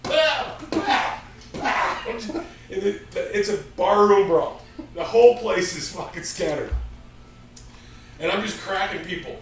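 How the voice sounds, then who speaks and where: A man's voice: high-pitched, measured pace, pauses often, soft background music. A man in his fifties from the United States, hosting a casual chat and telling a rowdy story with swearing and acted-out sound effects. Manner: animated, swearing, acts out quotes with sound effects. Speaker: music store show host. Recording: echoey room from far off with faint ambient noise.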